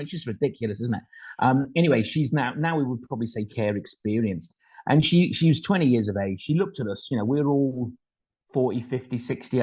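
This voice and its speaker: A middle-aged man tells a story in a relaxed, talkative way. He speaks at a mid pitch, drops in plenty of fillers, and acts out the lines of the people he met with humour at his own expense. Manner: chatty and self-deprecating, acts out dialogue, frequent fillers. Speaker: foster carer telling his story. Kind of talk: anecdotal storytelling talk.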